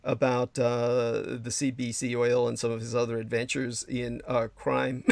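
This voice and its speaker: A man's voice: medium pitch, completely flat delivery, unhurried, gravelly, no room sound. A man hosting a casual livestream, effusive and rambling with many fillers, reading chat messages aloud. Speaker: livestream host.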